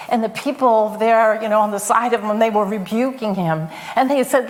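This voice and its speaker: A woman's voice: on the high side, moderate pace. A woman preacher giving a sermon, telling the story in a conversational way with frequent fillers.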